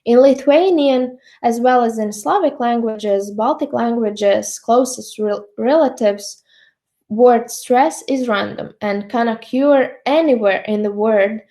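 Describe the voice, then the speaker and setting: A woman's voice: on the high side, dark tone. A young woman with a Latvian accent giving a slide lecture, with frequent ums and uhs. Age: young adult. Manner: many ums and uhs, measured.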